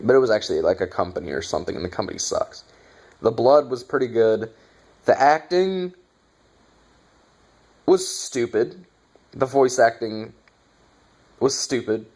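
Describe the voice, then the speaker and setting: A man's voice: mid-range voice, lively intonation, normal speed, a little mellow. A man reviewing a bad movie in a casual, exasperated rant, swearing and sarcastic.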